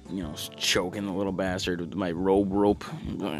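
A man delivers a stand-up comedy monologue in a deep, low voice. He stalls on ums and repeats his words before each punchline. His talk is profane, and faint music plays under the recording. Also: steady tone. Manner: halting delivery with ums and stammered restarts; profane, acts out loud shouted voices in bits.

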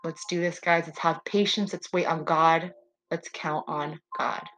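A woman's voice: deep voice, fairly even intonation, a little slow, a bit bright, poor audio. A woman hosting a solo faith podcast, talking in an earnest, prayerful and heartfelt way. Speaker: podcast host.

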